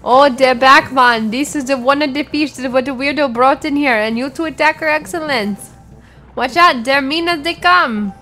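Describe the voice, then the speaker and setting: A woman co-hosting a casual let's play, excitable and playful as she reacts to the game. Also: high voice, normal speed. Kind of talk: casual gameplay chat.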